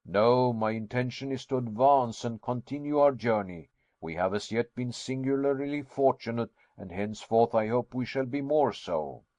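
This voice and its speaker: A man's voice: medium pitch, moderate pace, darkish tone, no room sound, highs cut off, lightly acted. A man voicing a confident, learned older professor who lectures emphatically. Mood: lecturing.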